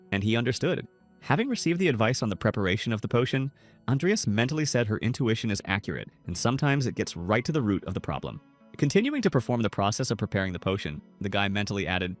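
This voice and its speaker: A man's voice: lowish voice, big pitch swings, quick pace, faint music behind. A man narrating a scripted story recap.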